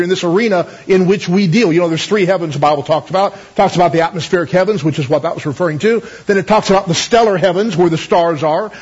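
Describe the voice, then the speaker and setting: Husky high-voiced man preaching a sermon. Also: highs cut off. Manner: storytelling, asks the congregation for amens.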